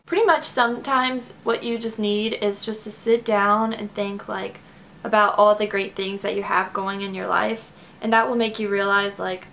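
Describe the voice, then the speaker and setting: A woman's voice: medium pitch, steady tone, fairly bright tone, a little hiss or hum. Teary, chatty young woman vlogging. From Kentucky. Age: young adult. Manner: emotional, teary, fast with many fillers. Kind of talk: casual heartfelt talk to camera.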